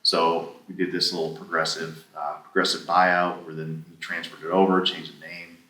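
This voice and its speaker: A man's voice: low-pitched, flat delivery, moderate pace, bright, forceful tone. A man casually telling a long story as a podcast guest, acting out both sides of the conversations he recounts. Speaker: podcast guest, former gym owner. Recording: echoey room, somewhat distant mic.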